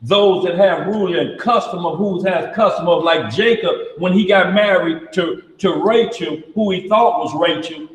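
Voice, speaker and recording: High-voiced man teaching in an echoey hall. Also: moderate pace, hardly any pauses. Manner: conversational, rhetorical questions, joking asides. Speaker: Bible study teacher. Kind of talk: informal Bible study teaching. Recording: echoey hall with long reverb.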